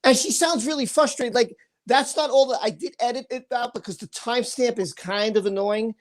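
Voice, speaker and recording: A woman's voice: on the high side, brisk. Chatty woman hosting a livestream. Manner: chatty, rambling, loose run-on sentences. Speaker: livestream host. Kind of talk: casual livestream chat.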